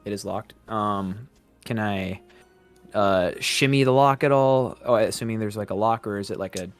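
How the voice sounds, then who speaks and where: A man's voice: on the low side, normal speed, soft background music. Casual man playing a tabletop game. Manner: casual, hesitant, checks rules aloud. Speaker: player.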